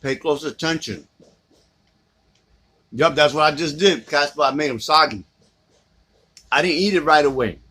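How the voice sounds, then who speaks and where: A man with a husky, slightly rough voice, talking loose and slangy while he eats cereal on camera. He jokes with viewers and slips into low teasing murmurs aimed at his bowl. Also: normal speed, long pauses, pushed and bright. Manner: playful slangy banter, low seductive asides to the food. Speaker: vlogger eating cereal on camera. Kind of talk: casual mukbang vlog.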